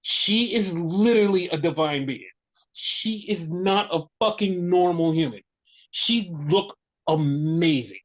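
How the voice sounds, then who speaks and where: A man co-hosting a casual wrestling review podcast, telling the story excitedly, with lots of swearing and repetition. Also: fairly high pitch, slow pace, lo-fi sound. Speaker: podcast co-host.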